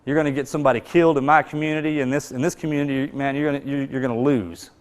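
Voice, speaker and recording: Male motivational speaker, quick and intense, casual storytelling delivery with punchy emphasis. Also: mid-range voice, steady tone. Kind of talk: storytelling speech.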